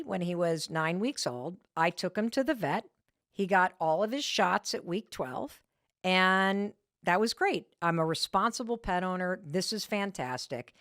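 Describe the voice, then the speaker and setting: A woman podcast host telling a personal story to motivate her listeners, animated and emphatic, with frequent restarts. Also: fairly low pitch, dry recording, studio quality.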